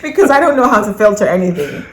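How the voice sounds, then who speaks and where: Woman, thirties, casual couple chat, blunt, laughing, very animated pitch, roomy echo. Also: quick pace. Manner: lively, blunt, laughs often. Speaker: co-host of couple channel. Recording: echoey room with faint hum.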